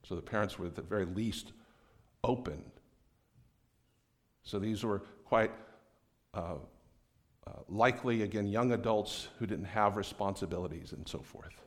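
A man's voice: lowish voice, measured pace, pauses often. A man preaching a sermon in a conversational way, acting out the people in the story and often restarting his sentences. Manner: conversational, acts out quoted voices, many restarts. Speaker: pastor.

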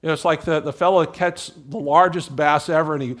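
A man's voice: on the high side, fairly even intonation, a little fast, a bit bright. A middle-aged man preaching a conversational sermon as pastor, folksy, with joking asides and little acted-out scenes.

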